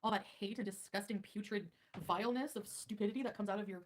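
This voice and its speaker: A woman's voice: mid-range voice, fairly even intonation, fast, a little hiss or hum. A woman livestreaming, ranting defensively at her viewers and answering chat. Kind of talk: livestream rant.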